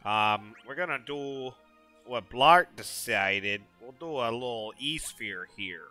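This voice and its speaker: A man's voice: medium pitch, takes it slowly, bright, forceful tone, soft background music. A man hosting a casual gaming stream, laughing often and teasing his co-hosts. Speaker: podcast host.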